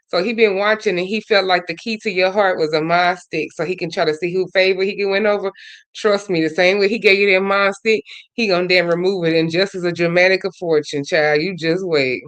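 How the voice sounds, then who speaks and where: Hosting a casual livestream, a woman reads viewers' comments aloud, chatting and gossiping as she swings between loud bursts and low mutters. There's no echo on the recording.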